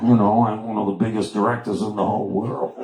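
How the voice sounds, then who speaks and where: A man's voice: fairly low pitch, flat delivery, fast talker, crowd noise, lightly acted. A man voicing a famous older male film director, half whispering in admiration and then boasting, in an echoey room. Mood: boastful.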